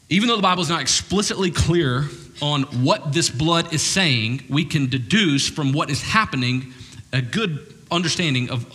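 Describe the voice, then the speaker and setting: A man pastor preaching a sermon to a congregation in an animated, conversational way, with jokey asides. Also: mid-range voice, in a large hall. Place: church hall with congregation.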